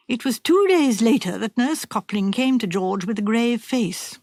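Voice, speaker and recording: A woman narrating a mystery audiobook in a measured, even storytelling manner. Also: fairly high pitch, dry recording, studio quality. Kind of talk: scripted narration.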